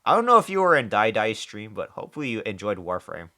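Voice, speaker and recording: A man's voice: lowish voice, big pitch swings, fast, sharp tone. A man live-streaming, chatting casually with viewers, joking, swearing and often restarting his sentences. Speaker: livestreamer reading chat.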